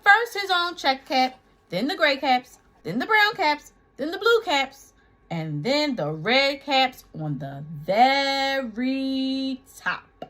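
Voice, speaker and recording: A woman reading a picture book aloud to young children, playful and asking them questions with dramatic pauses. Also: sits high, big pitch swings, pushed and bright. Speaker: children's story reader. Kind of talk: animated children's read-aloud.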